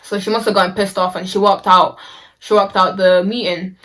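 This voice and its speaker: A woman's voice: medium pitch, level tone, moderate pace, a bit bright. Young woman for a casual storytime vlog: chatty and slangy, full of fillers and restarts.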